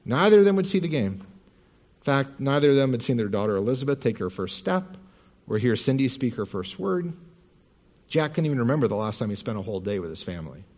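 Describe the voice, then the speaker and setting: A male pastor telling parables in a sermon with calm, measured narration. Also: medium pitch. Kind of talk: sermon storytelling.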